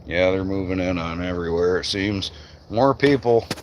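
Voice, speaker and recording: The Michigan man who owns a tree business speaks at a moderate pace in a low voice, with the highs cut off and slight background noise. He's on a live stream from an outdoor work site, chatting casually, rambling and cursing freely.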